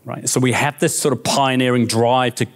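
A man with a New Zealand accent giving a lively, conversational keynote talk on stage, often checking in with the audience. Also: medium pitch, moderate pace. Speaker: conference speaker. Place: conference stage.

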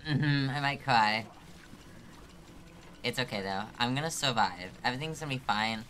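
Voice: mid-range voice, moderate pace, fairly bright tone, slight background noise. A live streamer commenting on a hard climbing game, exasperated and self-mocking, joking about being about to cry.

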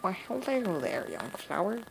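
A woman's voice: mid-range voice, sing-song, moderate pace, vocal fry. A woman reading as a folksy old grandmother. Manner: drawling folksy speech, reading game dialogue aloud. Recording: noisy home recording.

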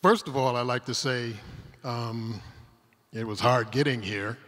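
A man's voice: mid-range voice, unhurried, a bit bright. A man from Detroit, giving a rambling, humorous storytelling talk on a conference stage, full of asides. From Detroit, Michigan, USA. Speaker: conference speaker. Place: converted industrial hall used as a conference venue. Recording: long hall reverb.

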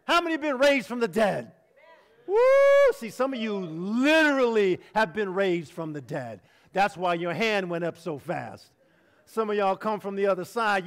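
A man preaching a sermon as pastor, animated and humorous, acting out voices in his storytelling. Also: sits high, normal speed, big-room sound. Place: church sanctuary.

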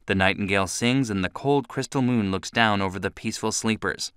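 A man voicing a melancholy, lonely old male ghost who speaks in a quiet, low, dreamy way. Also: moderate pace, clear, resonant tone, dry recording, clean studio sound, lightly acted. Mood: hushed, longing.

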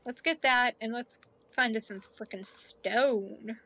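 A woman giving chatty let's play commentary, talking to game characters and gushing excitedly. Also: on the high side, takes it slowly. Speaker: gaming YouTuber.

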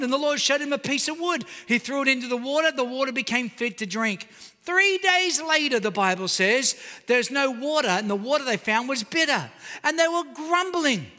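Male pastor preaching with a piercingly bright voice, lively and pleading. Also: very high-pitched, long reverb tail. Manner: animated preaching, calls out to the congregation. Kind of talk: sermon. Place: church auditorium.

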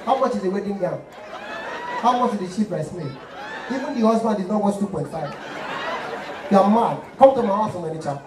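A brash, penny-pinching haggler put on by a comedian who barks prices in a shrill, high voice. He talks loud and rude. The sound carries through a roomy live hall, heard from far off. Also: lively intonation, a little fast, long pauses, a crowd in the background, noisy background. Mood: loud haggling. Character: excitable, penny-pinching man booking a wedding MC. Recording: roomy live stage, distant mic.

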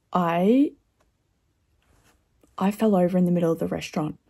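A young woman vlogger with a gravelly, husky voice tells her week to the camera in loose, chatty storytime. Her tone sits on the dark, mellow side, and she talks bluntly and swears without a second thought. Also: lowish voice, moderate pace, pauses often. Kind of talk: casual vlog storytime.

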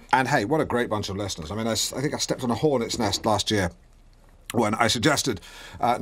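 Male radio host, pompous, stammering, blundering, mid pitch. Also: a bit bright, dry recording. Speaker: radio presenter. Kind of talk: comedy radio show hosting.

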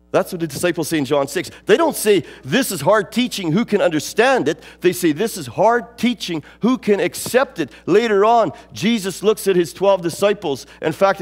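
A man with a high-pitched voice preaches a sermon in a church sanctuary. He talks emphatically, repeats key phrases and lets his voice swing up and down. Long reverb from the hall trails each line. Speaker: pastor.

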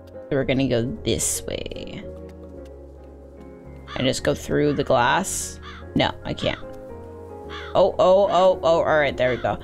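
A woman streamer giving casual game commentary, excitable and playful, squealing at cats and swearing when things go wrong. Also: sits low, creaky.

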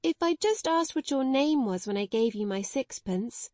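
A woman puts on a small storybook boy full of regret. His voice comes out high and earnest, with a rueful tone. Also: animated, moderate pace, darkish tone, dry recording.

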